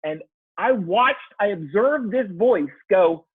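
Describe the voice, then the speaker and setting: This coach guest on a laid-back podcast has a high, slow voice with a breathy edge. He tells his stories with lively energy and plenty of swearing, heard over a dry, tinny line that sounds like a phone.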